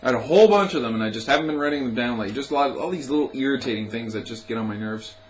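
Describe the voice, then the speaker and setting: A man's voice: rapid-fire, a little hiss or hum, low-quality recording. Young man ranting, sarcastic and profane. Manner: profane, sarcastic, jokey, breaks into mocking falsetto whoops. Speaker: vlogger. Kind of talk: casual ranting monologue.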